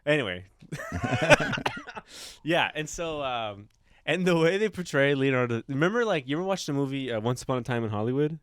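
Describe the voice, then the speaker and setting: A man's voice: medium pitch, wildly swooping pitch, normal speed, fairly bright tone, clean tone. A man hosting a casual comedy podcast, a rambling storyteller who laughs often and drops into silly voices. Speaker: podcast host.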